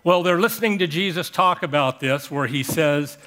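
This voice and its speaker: A man's voice: fairly high pitch, normal speed, pushed and bright. Emphatic male pastor preaching. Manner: emphatic, explanatory, addresses the congregation directly. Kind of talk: sermon.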